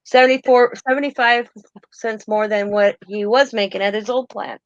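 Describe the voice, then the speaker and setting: A woman's voice: a little high, fairly even intonation, moderate pace, no room sound. A middle-aged woman hosting a casual crafting chat, rambling through family stories and correcting herself as she goes. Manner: rambling, self-correcting storyteller. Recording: dry, slightly muffled.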